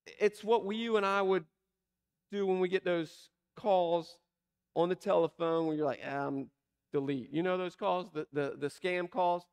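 A man preaching a sermon, asking emphatic rhetorical questions and slowing down to stress key words. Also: high-pitched, steady tone, a little mellow, clean tone. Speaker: pastor.

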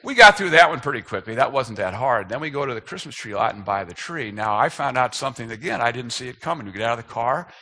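Husky, forceful man telling a funny story. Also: medium pitch, animated, fast, hardly any pauses. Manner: self-deprecating storyteller. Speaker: speaker. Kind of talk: humorous personal story in a sermon.

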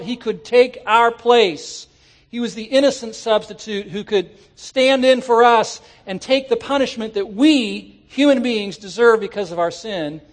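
A man preaching a sermon to his congregation, animated and rising at times to shouts. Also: high voice. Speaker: pastor. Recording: church sermon audio.

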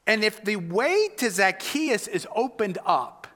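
A man pastor preaching a sermon, earnest, moving between loud emphasis and hushed whispers. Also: sits high, sing-song, unhurried, in a large hall.

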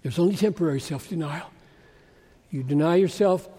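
Male pastor, high and animated voice, emphatic argumentative preaching. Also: unhurried. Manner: argumentative, emphatic, swings from loud urging to hushed. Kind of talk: expository sermon. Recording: long reverb of a large hall.

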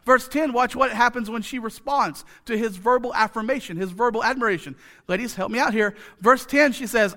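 A man's voice: very high voice, brisk, few pauses, sharp tone. A male pastor preaching a sermon in a chatty, joking way, repeating phrases for emphasis and tossing rhetorical questions to the congregation. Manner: conversational, joking, with many rhetorical asides.

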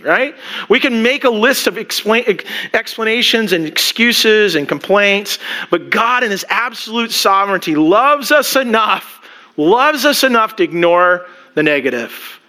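A man preaching to his congregation in a high, ringing voice that sits well above most men's. His tone is bright and forward, and he presses his points emphatically, doubling words as he builds. It is plain pulpit delivery with no showmanship in the sound itself. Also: lively intonation, measured pace. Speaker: pastor. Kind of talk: sermon.

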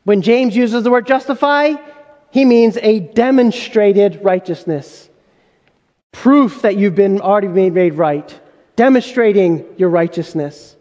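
A man's voice: sits high, unhurried, a little mellow, long reverb tail, muffled recording. A male pastor preaching a sermon in an emphatic way, full of rhetorical questions.

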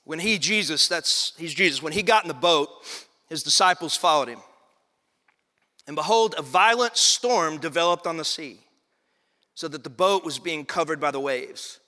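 A man's voice: a little high, moderate pace, bright, forceful tone, in a large hall. A man pastor preaching a sermon, building his points through repetition and rising emphasis.

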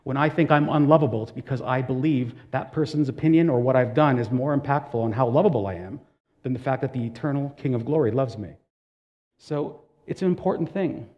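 A man's voice: mid-range voice, brisk, muffled recording. A man preaching a sermon in a conversational way, asking the congregation direct questions and telling stories with casual asides. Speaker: pastor.

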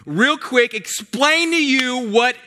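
A man's voice: extremely high pitch, expressive, slow, sharp tone. A man pastor preaching a sermon, emphatic and repetitive, with many restarts.

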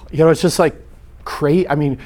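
A man's voice: fairly high pitch, fairly even intonation, moderate pace, dark tone, slight background noise. Brief: middle-aged male pastor, informal teaching, chatty delivery with acted-out quotes. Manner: conversational, acts out short quoted exchanges.

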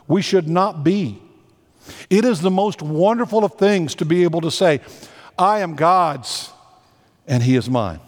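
A man with a slightly high voice preaches a sermon as senior pastor. He is earnest and emphatic and slows right down on the words he wants to land. A long reverb trails each phrase, as in a big hall.

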